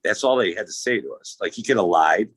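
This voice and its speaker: Low-voiced man telling a rambling story. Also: lively intonation, a little fast, fairly bright tone, husky, dry recording, rough recording. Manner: rambling, profane, acts out quotes. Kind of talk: casual storytelling.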